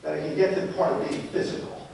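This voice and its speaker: A man's voice: fast, darkish tone. A man giving a live talk to parents and educators, telling stories and asking rhetorical questions. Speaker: presenter. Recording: echoey hall, distant mic, faint rumble.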